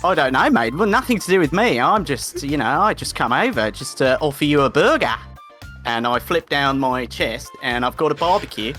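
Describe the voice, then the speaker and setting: A man's voice: a little high, animated, normal speed, bright, forceful tone, soft background music. A man voicing a brash, friendly Australian android man with a put-on Australian accent, pushy and hearty. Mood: pushy cheerful. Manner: pushy, hearty, keeps offering burgers.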